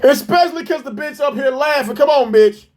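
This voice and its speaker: A man's voice: very high voice, brisk, slight background noise. A man giving profane reaction commentary, mocking and incredulous and swearing constantly.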